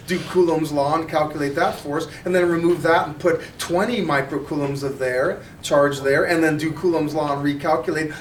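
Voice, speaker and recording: A male high school physics teacher giving a lively, joking classroom lecture, recorded by a camera at the back of the room. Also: slight background noise. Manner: animated, jokey, acts out customer voices. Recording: roomy classroom audio from a distance.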